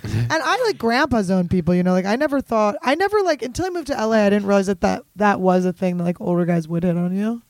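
A woman's voice: mid-range voice, lively intonation, quick pace, darkish tone, no echo. A woman comedian in casual podcast chat, telling a rambling story and swearing freely.

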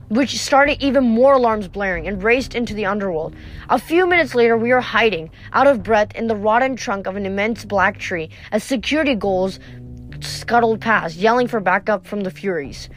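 A woman reading a novel aloud, sometimes stumbling and restarting a word. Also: mid-range voice. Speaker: reader.

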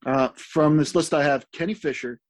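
A man in casual podcast talk, halting and repeating words as he complains dryly about a movie. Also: on the high side. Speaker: podcast co-host.

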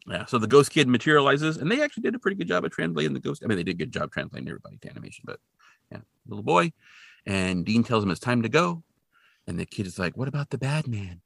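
A man with a gravelly voice chats through a TV episode he just watched. His pitch swings widely as he acts out the characters' lines, and the sound is close and dry. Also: very fast, no echo. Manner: animated retelling, acting out quoted lines. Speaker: podcast co-host. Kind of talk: casual episode recap chat.

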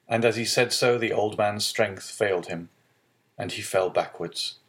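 A man narrating a classic novel in a steady, measured reading voice. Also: on the low side. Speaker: audiobook narrator. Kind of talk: scripted narration.

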